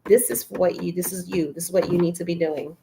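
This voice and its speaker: A woman hosting a live stream, reading affirmations aloud slowly and softly and adding encouraging asides to viewers, with a lilt. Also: on the low side, steady tone, creaky, background noise. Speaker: livestream host reading affirmations. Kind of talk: casual live stream chat.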